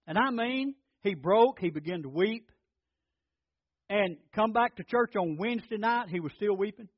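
High-voiced preacher. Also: male voice, animated, moderate pace, no echo, highs cut off. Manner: folksy storytelling preacher, repeats words. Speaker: pastor. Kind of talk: sermon.

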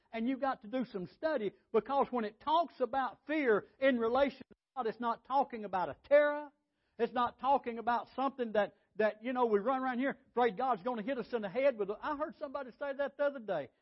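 High-voiced preacher, folksy. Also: male voice, brisk. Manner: folksy, conversational preaching with repetitions. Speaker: pastor. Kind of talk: sermon. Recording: dull lo-fi sound.

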